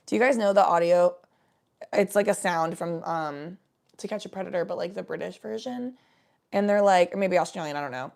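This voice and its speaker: Gravelly-voiced young woman chatting casually. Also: fairly low pitch, a little fast, a little mellow. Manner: rambling, swearing, laid-back chat with viewers. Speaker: livestream host. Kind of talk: casual chat.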